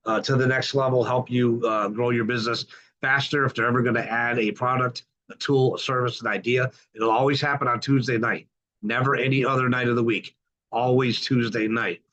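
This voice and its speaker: A man's voice: medium pitch, fairly even intonation, a little fast, fairly bright tone. A middle-aged man hosting a podcast on a group video call, upbeat and folksy, welcoming newcomers over and over. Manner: enthusiastic, folksy, repeats welcomes. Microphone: computer mic on a video call. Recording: dull lo-fi call audio.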